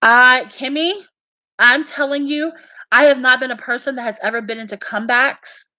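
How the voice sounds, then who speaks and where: A high-voiced woman with a steady tone, speaking at normal speed in a pushed, bright way, shares her dreams and beliefs as an earnest, emphatic fan, repeating herself and restarting sentences in casual talk. No room sound is audible, and the audio is dull.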